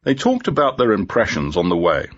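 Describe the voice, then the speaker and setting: A man narrating a storybook for English learners in a measured, clear reading, on a dull lo-fi recording. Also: fairly low pitch, huge pitch swings.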